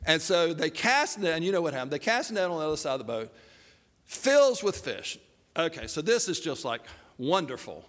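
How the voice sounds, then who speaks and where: A man preaching a sermon as animated, humorous storytelling, slipping into voices for the characters. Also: on the high side, normal speed, big-room sound.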